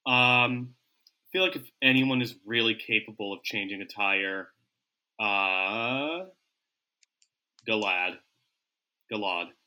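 A man playing a comedic tabletop game as a player, joking in a slow, deliberate way. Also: mid-range voice, pushed and bright.

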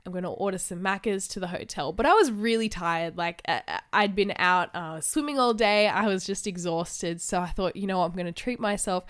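A woman's voice: mid-range voice, moderate pace, few pauses, fairly bright tone. A young Australian woman co-hosting a podcast, slightly nasal and run down from jet lag, telling a story in a chatty, giggly way. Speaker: podcast co-host. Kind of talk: casual chat.

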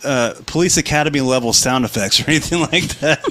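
A man's voice: mid-range voice, fast talker, bright, forceful tone. A man co-hosting a live comedy podcast, bantering casually, laughing often and swearing freely. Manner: swearing, laughing, playful put-on voices. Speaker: podcast co-host.

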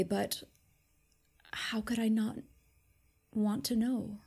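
A woman plays in a tabletop game and speaks thoughtfully in character. Her voice is at a middle pitch and has a gravelly fry. She explains her character's choices. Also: level tone, takes it slowly, long pauses, darkish tone. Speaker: player. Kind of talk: tabletop role-play.

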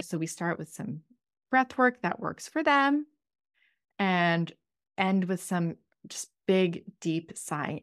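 Woman cohost explaining calming stuff, gentle and kinda sing-songy, dry sound. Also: mid-range voice, no room sound. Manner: gentle, instructive, sing-songy with kids' exercises. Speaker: podcast co-host; parent. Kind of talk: casual chat.

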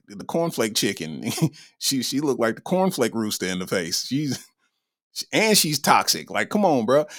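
With a mid-range voice recorded at studio quality and no echo, a man hosts a comedy podcast. He gives casual comedic commentary full of loose slang, frequent laughs and an irreverent tone.

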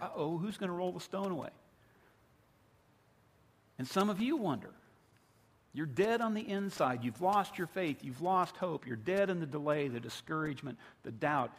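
A man's voice: on the high side, husky. A male pastor preaching a sermon, building with emphatic repetition. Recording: long hall reverb.

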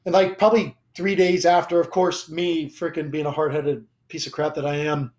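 A man's voice: on the high side, level tone, normal speed, darkish tone. A young man sharing a personal faith testimony in casual conversation, emotional and rambling, with frequent fillers and restarts. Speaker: guest.

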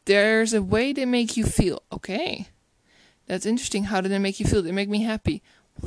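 A woman who reviews films chats casually and thoughtfully about a romance movie, with frequent laughs and restarted sentences. Her voice is medium-pitched, with no echo.

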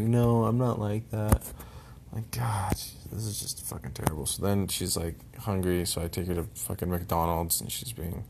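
A young man venting in a personal vlog, frustrated and bitter, swearing constantly and sometimes trailing off into low mutters. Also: gravelly, slight background noise.

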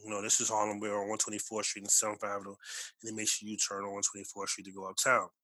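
A man's voice: fairly low pitch, monotone, very fast, pushed and bright, no echo, poor audio. A man telling a personal story in an emphatic, repetitive way, often correcting himself. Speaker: storyteller recounting a personal experience.

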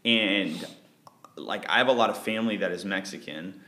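A man's voice: low voice, normal speed, bright, forceful tone, echoey room. A man in a casual podcast chat, telling anecdotes with fillers.

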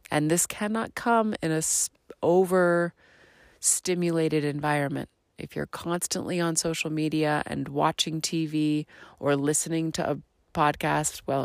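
A woman's voice: low-pitched, gravelly, darkish tone, no echo. A woman hosting her own podcast, talking earnestly and reflectively about purpose, slipping into whispered phrases now and then. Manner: earnest, slow and spiritual, with dropped whispery phrases. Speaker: podcast host. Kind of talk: reflective solo podcast monologue.

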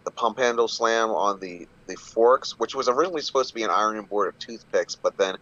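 A man's voice: lowish voice, brisk, fairly bright tone, muffled recording. A man chatting casually on a podcast, swearing freely and laughing often. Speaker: wrestler guest.

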